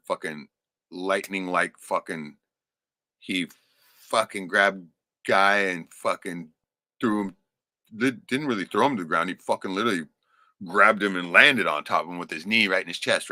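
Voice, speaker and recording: A man's voice: deep voice, sharp tone, no room sound, clean studio sound. A middle-aged man telling stories from his life in a rambling, profane way, often ending lines with "right?". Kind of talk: casual storytelling.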